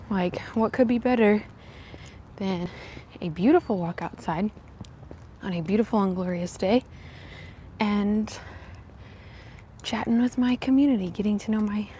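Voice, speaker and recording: A woman's voice: mid-range voice, a little mellow. Chatty young woman streaming on a windy walk. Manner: chatty and upbeat, greeting viewers by name. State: slightly out of breath from walking uphill. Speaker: vlogger live-streaming. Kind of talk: casual live-stream chat while walking.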